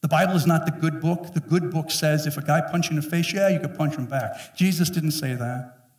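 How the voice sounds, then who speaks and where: A man in his fifties preaching a sermon as pastor, emphatic and joking, often acting out quick voices. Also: fairly high pitch. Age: 50s. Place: church sanctuary. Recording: echoey room, mic at a distance.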